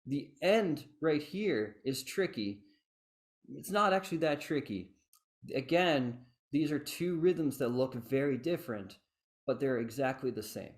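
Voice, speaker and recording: A man's voice: mid-range voice, lively intonation, unhurried. Man teaching fife rhythms on a call. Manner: chanting rhythm syllables with inflection, self-deprecating asides. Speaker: fife instructor. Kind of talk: online workshop lesson.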